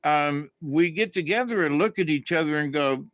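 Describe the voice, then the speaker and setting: A man's voice: fairly high pitch, normal speed, a bit bright, no echo. A middle-aged man from Florida, hosting a casual, meandering monologue full of fillers and restarts. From Florida, USA. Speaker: channel host.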